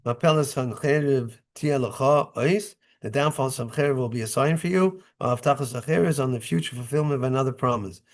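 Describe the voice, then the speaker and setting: A man's voice: mid-range voice, fairly quick, few pauses. A rabbi teaching a Torah study class, reading short Hebrew phrases and explaining them in English, often checking in with his listeners. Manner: conversational, checks in with "right?" and "okay?". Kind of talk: Torah study lesson, reading verses and translating.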